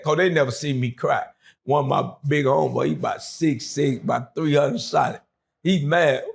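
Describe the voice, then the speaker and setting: Gravelly-voiced man telling a prison story. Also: mid-range voice, moderate pace. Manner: loose, rambling delivery with many fillers. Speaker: interview guest, former prisoner. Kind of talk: emotional storytelling in an interview.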